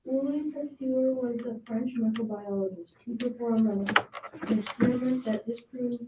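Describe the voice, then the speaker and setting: A woman's voice: a little high, fairly even intonation, unhurried, mellow, a little hiss or hum. Distant girl student reading aloud. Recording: echoey, distant, dull classroom audio.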